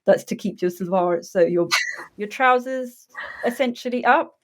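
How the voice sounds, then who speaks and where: A woman's voice: on the high side, a little slow. A woman, co-hosting a casual podcast and often posing questions to her co-host. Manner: chatty, raises questions. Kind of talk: casual chat.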